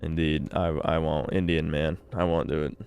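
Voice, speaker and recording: A man's voice: very deep voice, flat delivery, moderate pace, darkish tone, clean tone. A male streamer reading out donations and riffing in a sardonic, profane way during a live stream.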